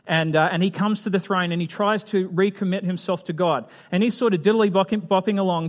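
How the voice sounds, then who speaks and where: A man giving a conversational Bible lesson in a fairly high voice. He talks casually and keeps asking his listeners questions. Now and then he acts out little scenes as he teaches. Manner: chatty, asks the audience questions, acts out voices. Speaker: preacher.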